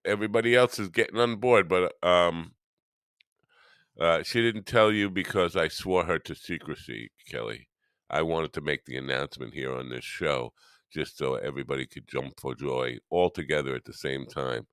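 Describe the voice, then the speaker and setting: A man's voice: very deep voice, normal speed, a bit bright, smooth, no room sound, clean studio sound. A man hosting a morning live stream, chatting casually with viewers in a rambling, self-deprecating way while still half awake.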